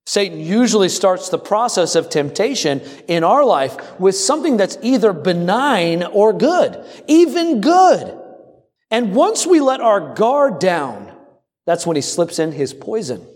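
A man with a high voice preaches an animated sermon, calling on his congregation to join in. His words carry a long reverb from the hall around him. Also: measured pace. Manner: animated, calls on the congregation to respond. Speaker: pastor.

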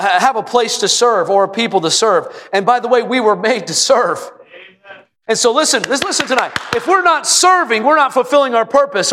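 Male pastor, high voice, emphatic repetitive sermon delivery, church hall echo. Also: slight background noise. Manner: preaches with rising emphatic repetition, sometimes shouting. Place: church sanctuary. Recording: long hall reverb.

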